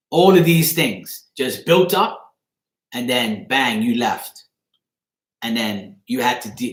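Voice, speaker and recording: A man giving a casual live-stream tarot reading, blunt and crude, rambling and often asking "you know what I'm saying". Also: medium pitch. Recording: echoey room.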